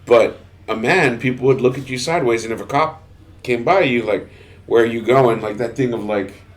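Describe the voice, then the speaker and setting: Chatty Texan-raised man telling stories. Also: medium pitch. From Texas. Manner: halting, restarts often, laughs while telling stories. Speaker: podcast co-host. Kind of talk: casual chat.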